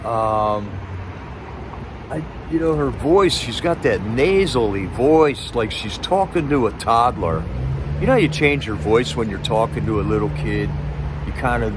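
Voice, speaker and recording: Man, live stream host, rambling casual chat, sarcastic asides, faint hum behind. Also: medium pitch. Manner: rambling, sarcastic, with frequent restarts.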